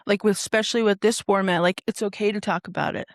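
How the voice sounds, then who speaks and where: A woman hosts the talk in an encouraging, rambling way, leaning on filler words and often laughing along with her guests. Her pitch is middle of the road, and the sound is close and dry. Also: fairly even intonation, quick pace, no room sound. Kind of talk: casual chat.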